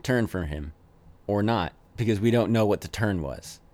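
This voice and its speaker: This is a man with a notably deep, low-pitched voice, co-hosting a relaxed conversation. He rambles, restarts and pads his sentences with fillers, breaking into laughs along the way. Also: moderate pace. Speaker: podcast co-host. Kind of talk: casual chat reviewing a movie.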